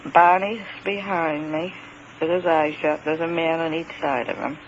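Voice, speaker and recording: A man telling a strange encounter in the first person, in a hesitant, halting way that repeats words and grows emphatic. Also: a little high, steady tone. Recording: dull lo-fi recording with faint hiss.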